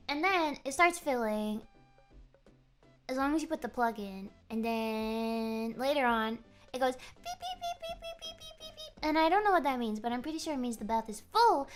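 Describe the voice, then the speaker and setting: Woman, high voice, swooping pitch, joking rambling chat, faint music behind. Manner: animated, joking, rambling storyteller. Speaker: VTuber streamer. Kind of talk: casual chat stream.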